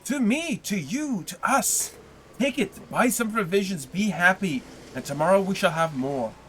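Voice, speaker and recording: A man reading aloud, voicing an earnest, warm-hearted young sailor who speaks eagerly and emphatically. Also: sits high, animated, unhurried, a little hiss or hum, pitched above the performer's own voice.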